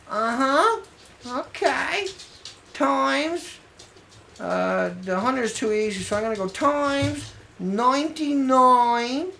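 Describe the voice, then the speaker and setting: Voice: medium pitch, a bit bright. A video blogger reading out news headlines in a rambling, sarcastic way, muttering asides to themself.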